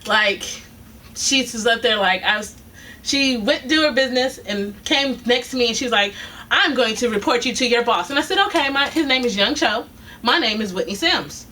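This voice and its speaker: A woman tells a story in a casual, animated way, putting on both voices of a spat and breaking into laughs. Her voice is bright and a little high. She sits back from the mic, with a faint hiss behind her. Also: moderate pace. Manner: animated, quoting both sides, laughing often. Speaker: vlogger telling a work story. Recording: distant mic with faint noise.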